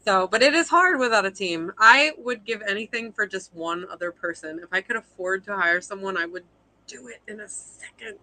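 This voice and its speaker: Bright, laughing woman rambling about her craft. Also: mid-range voice, brisk, hardly any pauses, no room sound, poor audio. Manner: rambling, self-deprecating, laughs often. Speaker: guest fiber artist and yarn dyer. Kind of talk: casual chat on a live video call.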